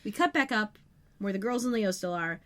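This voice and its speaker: A woman co-hosting a podcast, chatting casually as she recaps scenes of a TV episode with quick asides. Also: mid-range voice, lively intonation, fairly bright tone. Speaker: podcast co-host.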